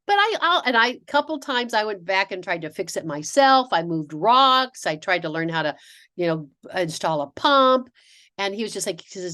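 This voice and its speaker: A middle-aged woman presents a webinar from a home office, speaking into a computer mic at a medium pitch. She tells stories in an animated way, acts out quotes and often restarts her sentences. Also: normal speed. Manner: animated storytelling with acted-out quotes, frequent restarts. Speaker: dental practice consultant.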